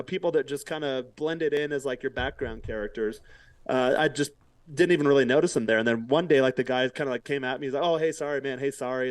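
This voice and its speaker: A man's voice: medium pitch, no room sound. A man, a podcast guest, telling a story casually and acting out quotes, with casual swearing. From United States.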